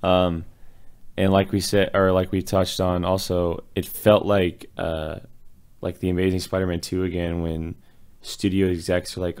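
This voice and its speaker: A man with a very deep voice reviews a film in a relaxed podcast conversation. He sounds exasperated and critical, mimicking the people he disagrees with. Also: unhurried, clean tone. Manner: critical, exasperated, acts out quotes. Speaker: movie reviewer. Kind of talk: casual podcast chat.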